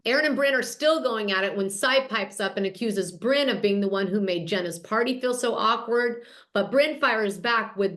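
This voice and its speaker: A woman's voice: medium pitch, normal speed. Chatty woman recapping reality TV gossip. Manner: chatty, gossipy storytelling, quotes people in passing. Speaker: podcast host.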